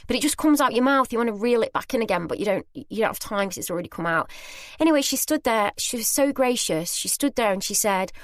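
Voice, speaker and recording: A woman's voice: fairly high pitch, expressive, fast, dry recording, studio quality. Chatty British woman telling a story. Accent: British English. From Britain. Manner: chatty, self-deprecating, candid. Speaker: podcast host. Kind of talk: personal storytelling monologue.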